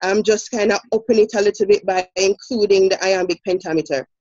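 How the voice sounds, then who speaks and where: A woman's voice: medium pitch, steady tone, a little fast, a little mellow. A woman with a Jamaican accent presenting a poetry lesson, explaining step by step with many fillers. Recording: dull lo-fi sound.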